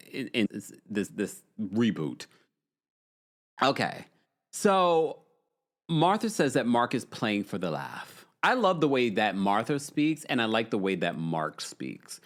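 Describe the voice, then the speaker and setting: Animated male live-stream host. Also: medium pitch. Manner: animated and playful, often laughing. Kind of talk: casual live-stream chat reading viewer comments.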